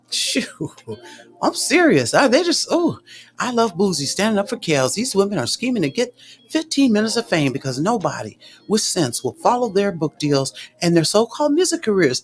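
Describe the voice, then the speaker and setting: An animated woman with a lively, swooping voice, holding forth in sassy, indignant livestream commentary. She talks straight back to her viewers, with faint music playing underneath. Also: mid-range voice.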